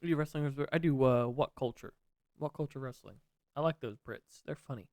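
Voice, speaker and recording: Man, podcast co-host, laid-back jokey rambling, smooth clear tone, dry. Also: mid-range voice, a little fast, darkish tone, dry recording. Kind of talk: casual wrestling chat.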